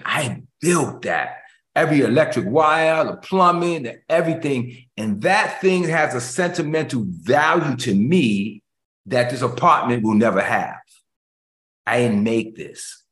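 A man preaching a sermon as pastor. He repeats phrases for emphasis and swings between loud passages and hushed ones. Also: fairly high pitch, roomy sound.

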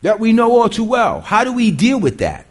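A male preacher delivers a conversational sermon, stopping often to question his listeners. His voice is high for a man and swings widely in pitch. He often restarts and repeats his words as he talks it through. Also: wildly swooping pitch, moderate pace. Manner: conversational, quizzes the congregation, repeats himself.

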